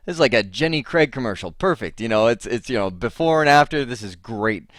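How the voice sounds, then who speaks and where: A middle-aged man teaching an IT course, who tells stories in a lively way and acts out both sides of a phone call. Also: medium pitch, moderate pace, dry recording, studio quality. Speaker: IT instructor. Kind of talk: casual lecture with a told anecdote.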